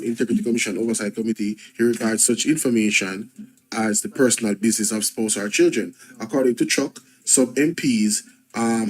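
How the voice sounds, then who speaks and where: A man's voice: medium pitch, poor audio. A man, hosting a show and delivering angry, repetitive commentary on news clips. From Jamaica. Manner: angry, repetitive, emphatic ranting. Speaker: host.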